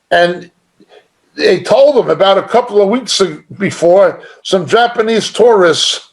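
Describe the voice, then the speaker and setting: High-voiced, unhurried male preacher. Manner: conversational, emphatic, with occasional chuckles. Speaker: Bible teacher. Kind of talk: informal sermon teaching.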